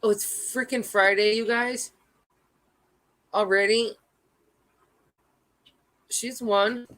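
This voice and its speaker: A woman's voice: on the high side, fairly even intonation, slow, a bit bright, low-quality recording. A woman in her thirties chatting casually on a livestream, rambling, reacting to chat and swearing freely.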